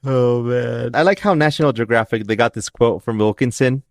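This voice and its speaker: A man's voice: mid-range voice, normal speed, no room sound, studio quality. A man co-hosting a podcast in casual conversation, rambling and joking, often restarting his sentences. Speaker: podcast co-host.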